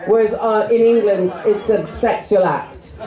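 A woman's voice: mid-range voice, steady tone, measured pace, warm tone. A woman in her sixties, an author guest on a festival stage, rambling and self-mocking and often breaking into laughter. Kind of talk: live stage interview. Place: festival stage before an audience. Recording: roomy hall sound.

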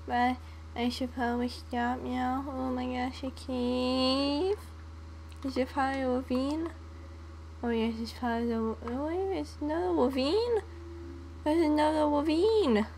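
Young female gaming host, relaxed unhurried delivery, bubbly and prone to humming. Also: sits high, vocal fry, a little hiss or hum. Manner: playful, sings and hums to herself. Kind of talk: casual gameplay commentary.

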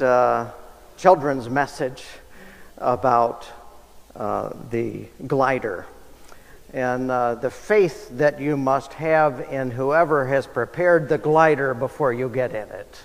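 A man preaching a sermon in a church, conversational and self-deprecating with light humor. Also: mid-range voice. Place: church sanctuary. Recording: long church reverb.

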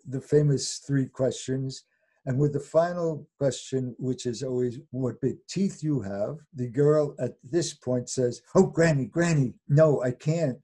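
An older man, a fairy tale scholar appearing as an interview guest, tells a folk tale with animated storytelling. His voice is medium-pitched, mellow and slightly husky, and he chuckles often while briefly acting out the characters' lines.

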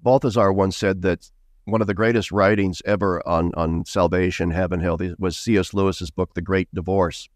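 A man's voice: deep voice, steady tone, moderate pace, no echo, clean studio sound. A man speaking as an author guest in a podcast interview, earnest and emphatic, repeating key words for stress.

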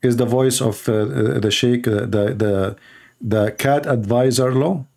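A man's voice: medium pitch, measured pace, vocal fry, a little mellow. A man hosting a live stream, mocking and sarcastic, in broken English. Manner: sarcastic, mocking, non-native English grammar. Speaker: debate stream host.

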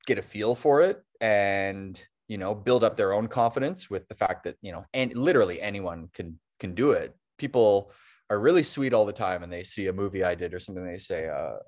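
A man's voice: fairly low pitch, brisk. A man, a stop motion animator, chatting as a podcast guest in a casual, long-winded way and laughing often. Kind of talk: casual interview chat.

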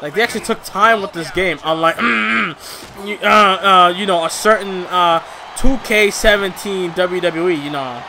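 A young man giving casual, rowdy commentary while playing a wrestling video game, swearing and shouting at the action. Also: high voice, measured pace, creaky, crowd noise. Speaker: gaming YouTuber. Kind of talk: casual let's-play commentary.

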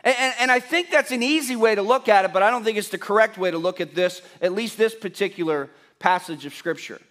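A man's voice: high voice, fast talker, fairly bright tone. A male pastor preaching a sermon in a church, emphatic and repeating key phrases, putting questions to the congregation. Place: church sanctuary.

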